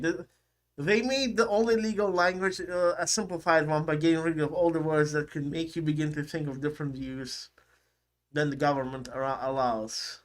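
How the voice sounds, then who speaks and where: A man's voice: fairly high pitch, steady tone, normal speed, a bit bright. A man co-hosting a livestream, chatting casually and joking, and he often breaks into laughter. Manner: laughs often, loose and jokey. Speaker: co-host of a livestream. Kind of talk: casual livestream reaction chat.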